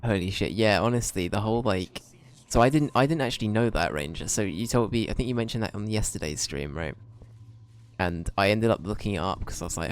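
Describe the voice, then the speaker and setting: A man's voice: on the low side, brisk, a little hiss or hum. A man streaming a video game, chatting in a laid-back, rambling way and swearing freely. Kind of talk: casual gameplay commentary.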